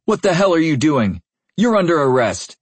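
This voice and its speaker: A jumpy rookie cop stutters and shouts in a raised, husky voice, as the narrator puts him on. He sounds close to the mic in a dry space. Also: mid-range voice, slow, dry recording, pitched above the performer's own voice. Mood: panicked, stern. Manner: jittery, stuttering. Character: panicky, inexperienced young male cop.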